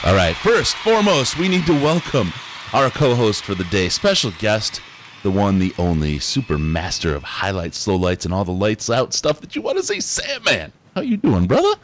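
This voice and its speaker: A man hosting a live sports podcast, running through announcements in an upbeat, animated way. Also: fairly low pitch, normal speed, faint music behind. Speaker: podcast host.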